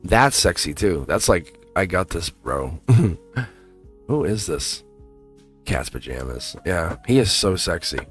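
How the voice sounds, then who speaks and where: A man's voice: low voice, lively intonation, slow, soft background music. A man with a Boston accent giving a casual, rambling livestream tarot reading, restarting phrases and chuckling. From England.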